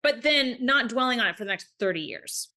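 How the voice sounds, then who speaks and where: A fairly high-voiced woman with a bright, sharp tone, chatting easily as a podcast co-host. She tells stories with lots of energy and slips into playful voices for the people she quotes. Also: fairly quick. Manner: animated, acts out quotes in voices. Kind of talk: casual chat.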